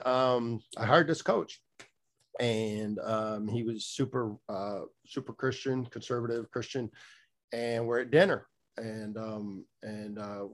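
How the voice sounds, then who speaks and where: Speaking in a mid-range voice, a middle-aged guest shares a frank personal story. He's blunt and mildly profane, wandering along with many fillers and false starts.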